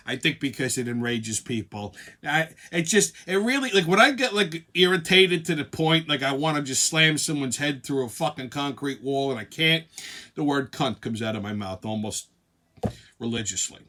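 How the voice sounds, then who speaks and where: A man's voice: medium pitch, moderate pace, sharp tone. A man hosting a comedic monologue show, profane and laughing at his own jokes. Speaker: host.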